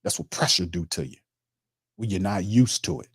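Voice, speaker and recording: A man's voice: low voice, animated, moderate pace, slightly rough, dry recording, studio quality. A man hosting a sports talk stream, reading chat comments and ranting emphatically in informal, streetwise speech. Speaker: sports show host.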